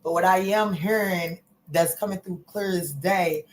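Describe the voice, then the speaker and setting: A woman's voice: fairly low pitch, steady tone, a little slow, few pauses, a little hiss or hum, poor audio. A woman giving a casual tarot reading to camera, chatty and folksy, calling listeners baby and honey and cursing freely. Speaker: tarot reader.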